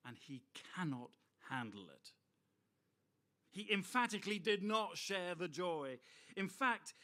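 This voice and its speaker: A middle-aged man preaching a sermon, expressive and full of rhetorical asides to his listeners. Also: a little high.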